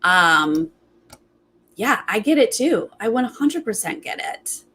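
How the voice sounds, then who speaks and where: A woman talking casually as the host of a reality TV recap. She chats loosely and acts out quotes with big jumps in pitch. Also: sing-song, slow, pushed and bright, husky. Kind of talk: casual commentary.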